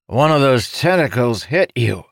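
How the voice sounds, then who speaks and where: A man's voice: medium pitch, animated, measured pace, creaky, a bit bright, no echo, studio quality, pitched above the performer's own voice, heavily acted. A man voicing a blunt, matter-of-fact young male necromancer in an audiobook.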